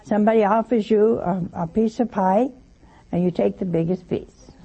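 Gravelly older woman preaching folksy. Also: medium pitch, moderate pace, mellow, dull audio. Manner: folksy, teasing, asks listeners questions. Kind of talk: sermon.

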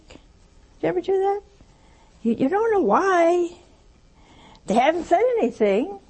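Husky older nun giving a homespun teaching. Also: female voice, high-pitched, dark tone. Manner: conversational, anecdotal, asks audience questions. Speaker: nun and mother superior teaching. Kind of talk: religious teaching talk.

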